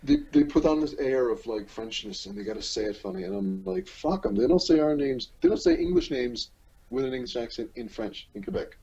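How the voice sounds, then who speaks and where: A man's voice: medium pitch, lively intonation, fairly quick, gravelly, mellow, slightly rough. A tired man from Canada, talking bluntly and profanely as a podcast guest over the phone. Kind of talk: casual ranting chat. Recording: muffled phone line.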